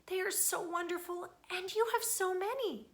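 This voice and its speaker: A woman voicing a small, eager male fish in a storybook, begging in a very high voice. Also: moderate pace. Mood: pleading.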